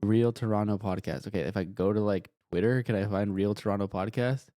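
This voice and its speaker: A man's voice: lowish voice, quick pace, mellow, dry recording, clean studio sound. A man streaming, reacting to videos with wry, profane asides while browsing. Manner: wry, swearing, talks to himself while browsing.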